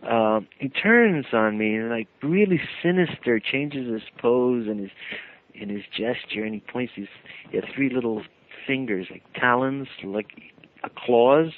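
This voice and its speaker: A man who is a radio guest, telling a personal story in an animated way and acting out the scenes. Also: mid-range voice, measured pace. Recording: tinny phone line on the radio.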